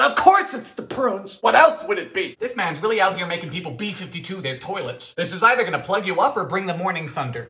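A young man hosting a comedic baking video, wisecracking with theatrical shouts and squeals. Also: high voice. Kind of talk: comedic recipe vlog.

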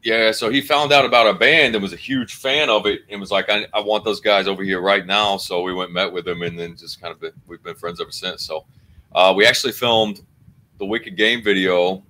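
A man, a band member guest on a live online interview, explaining things in a relaxed, rambling, casual way. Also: fairly low pitch, brisk. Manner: relaxed, rambling, laid-back swearing. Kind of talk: casual live-stream chat.

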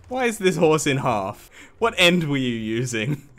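Excitable swearing gamer guy, very animated. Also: fairly high pitch, takes it slowly. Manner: excitable, swears a lot, laughs often. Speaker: streamer. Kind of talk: casual gaming stream chat.

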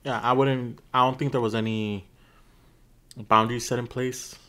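A man's voice: medium pitch, fairly even intonation, normal speed, bright, forceful tone. A young man guest on a podcast, speaking hesitantly with many fillers in casual chat.

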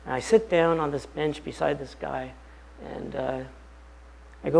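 A man, a pastor, telling a personal story during a bible study talk in an animated, anecdotal way. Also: a little high, measured pace, creaky, long pauses, rough recording.

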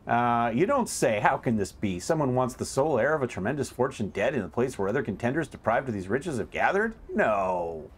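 A man's voice: medium pitch, very animated, fairly quick, hardly any pauses, breathy edge. A man voicing a blunt, sardonic male chaplain from a game, reading his lines aloud in a dry, scornful way.

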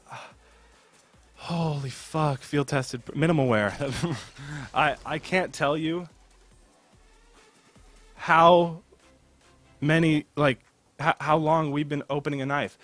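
A man hosting a gaming channel, chatting casually as he opens game cases, excitable and swearing with loud bursts of disbelief. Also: a little high, dry recording. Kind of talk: casual live commentary while opening game cases.

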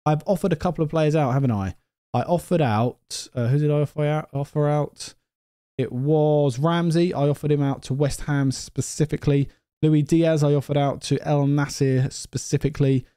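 A man talks through his football management game in a warm, mellow voice, thinking aloud and chatting to himself as he plays. His voice jumps up sharply when the match frustrates him. The sound is close and dry, with no room around it. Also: fairly high pitch, steady tone, normal speed, smooth, no room sound. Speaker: gaming video host. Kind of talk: let's-play commentary over a football management game.

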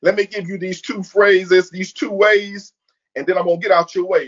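A man with a high voice delivers a sermon as pastor, repeating his key lines again and again. His words stretch out in a slow preaching cadence. The recording sounds dull and lo-fi. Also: fairly even intonation. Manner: repeats key phrases for emphasis.

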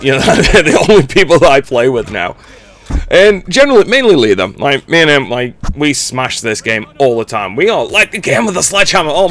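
A man's voice: medium pitch, fairly bright tone, slight background noise. A middle-aged man gives a blunt, sweary rant as gameplay commentary. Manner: sweary, blunt, exasperated ranting. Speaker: gaming channel host.

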